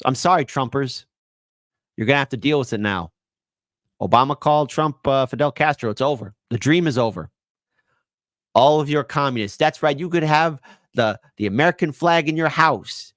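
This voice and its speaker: A man's voice: mid-range voice, moderate pace, fairly bright tone, dry recording, studio quality. A man hosting live-stream political commentary in a sarcastic, mocking way, laughing at his own jokes.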